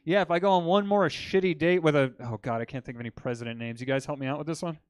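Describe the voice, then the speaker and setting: Man doing crude stand-up, crisp voice. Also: fairly high pitch, a little fast, no echo. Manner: crude, deadpan jokes with playful crowd work. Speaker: stand-up comedian. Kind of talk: stand-up comedy set. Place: comedy club stage.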